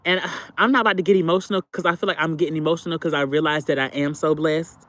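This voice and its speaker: High-pitched guy streaming live, aave, repeats himself a lot, talks to chat like sister, baby, super dry sound. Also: steady tone, quick pace, a bit bright, dry recording. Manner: talkative, repeats phrases, addresses viewers as sister and baby. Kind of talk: casual livestream chat with viewers.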